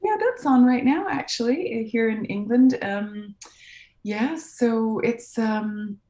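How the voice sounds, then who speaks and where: A woman's voice: fairly high pitch, slow pace, dark tone, reverberant. A woman voice actress chatting in an interview from England, thoughtful and encouraging, with frequent "um" and "you know". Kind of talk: casual video-call interview. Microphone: video call.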